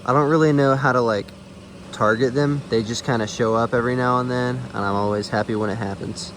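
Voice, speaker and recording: A man with a medium-pitched, fairly bright voice speaks fairly quickly and with fairly even intonation, over a little hiss or hum. A field herping vlogger, he chats easygoingly while finding snakes on a rural road at night, clearly fond of the animals.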